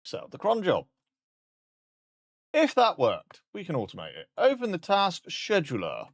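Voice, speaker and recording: Animated man chatting on stream. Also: sits high, unhurried, no echo, studio quality. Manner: joking, self-mocking, swears casually. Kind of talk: casual live-stream chat.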